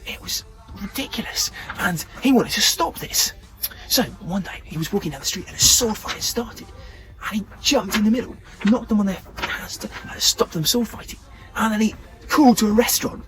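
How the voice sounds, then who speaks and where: Lively man telling a kids' story. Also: high-pitched, fairly quick, soft background music. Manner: lively, chatty with fillers. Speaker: children's church leader. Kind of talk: storytelling to children.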